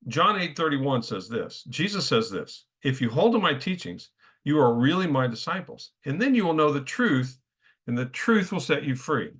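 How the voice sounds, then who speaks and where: A man's voice: a little high, very animated, normal speed, fairly bright tone, husky. A middle-aged man preaching a sermon in a conversational way, often checking in with his listeners. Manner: conversational, keeps checking in with "okay?".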